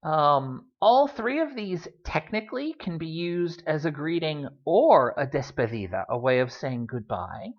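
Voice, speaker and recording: Low-voiced woman teaching Spanish. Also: measured pace, hardly any pauses. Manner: relaxed, chatty explaining with frequent "um". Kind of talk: recorded language lesson. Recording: dull lo-fi recording.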